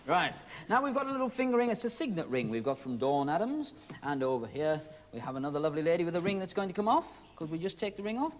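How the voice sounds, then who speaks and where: On a 1970s TV broadcast with a studio audience, a male magician host walks volunteers through a trick with jokey, teasing patter. His voice is on the high side and sing-song, racing along fast with hardly any pauses.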